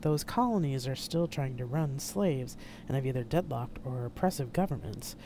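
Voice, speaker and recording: A narrator voicing a calm older male admiral who speaks in a measured, composed way, in an audiobook reading. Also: medium pitch, slight background noise, lightly acted. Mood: firm.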